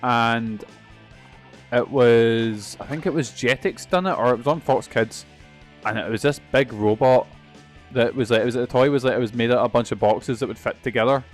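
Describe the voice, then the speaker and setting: A man's voice: medium pitch, moderate pace, soft background music. A young man streaming a video game, rambling and swearing often in casual, self-mocking chatter. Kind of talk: casual let's-play commentary.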